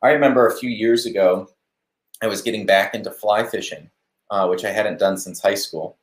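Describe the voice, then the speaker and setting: A man hosting a live stream, giving a relaxed devotional talk on a verse and chatting to viewers as they comment. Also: lowish voice, moderate pace, roomy sound. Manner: conversational, warm-hearted preaching with asides to viewers.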